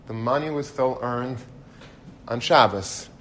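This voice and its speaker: A man voicing a calm, firm, pious immigrant rabbi in a retold story. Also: medium pitch, takes it slowly, a little hiss or hum.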